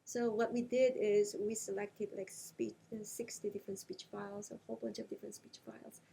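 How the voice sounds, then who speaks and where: A woman researcher speaking in a conversational interview, talking in animated quick bursts with frequent hesitations. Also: mid-range voice, vocal fry, low-quality recording. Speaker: invited lecturer being interviewed. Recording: faint background noise.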